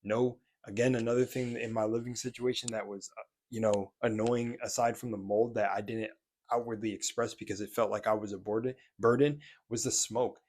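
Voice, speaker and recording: A young man with a somewhat low voice and a slight lisp talks straight to camera in a casual vlog. He is earnest and candid, swears now and then, and often restarts his sentences. He is speaking from a room in his own apartment. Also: steady tone, fairly quick, darkish tone. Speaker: spiritual vlogger.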